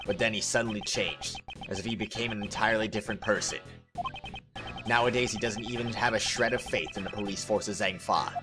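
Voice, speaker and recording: A man voicing a stern, proud young male special agent in a game, speaking low and firm. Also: lightly acted.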